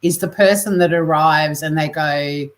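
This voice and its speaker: A woman's voice: deep voice, a little slow. A woman co-hosting a podcast in casual chat, blunt and sweary, ranting with energy. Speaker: podcast co-host.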